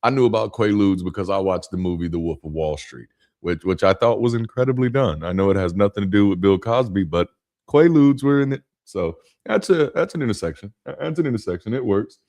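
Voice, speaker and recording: Animated Southern man telling stories. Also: lowish voice, brisk. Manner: animated storyteller, jokey, laughs often. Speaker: host. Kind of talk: casual live chat reading comments.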